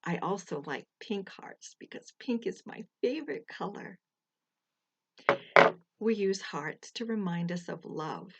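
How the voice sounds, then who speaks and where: An older woman teaching a Bible verse to children, slow and deliberate, pausing so they can repeat after her. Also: medium pitch, very animated, darkish tone, breathy edge. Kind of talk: slow, gentle children's lesson.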